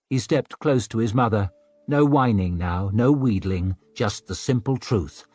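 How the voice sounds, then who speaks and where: A man narrating a dark fantasy audiobook in a dramatic reading style. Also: a little slow, no room sound. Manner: voices characters with raised pitch and volume.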